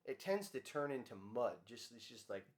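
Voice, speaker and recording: A guitarist casually talking about his guitar in a relaxed, rambling way with lots of ums. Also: mid-range voice, moderate pace. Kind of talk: casual gear demo talk.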